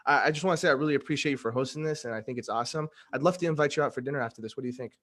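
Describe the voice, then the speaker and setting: A young man telling a story in casual conversation, slangy and animated, acting out what people said. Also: medium pitch, very fast. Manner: slangy, animated, acts out quoted dialogue. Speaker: guest giving a testimonial.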